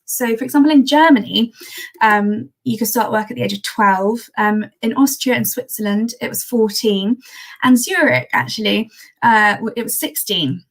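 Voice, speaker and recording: A woman's voice: fairly high pitch, gravelly. A woman presenting a history talk on old newspaper archives in a chatty, enthusiastic way, with frequent ums and restarts. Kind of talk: live-streamed history talk.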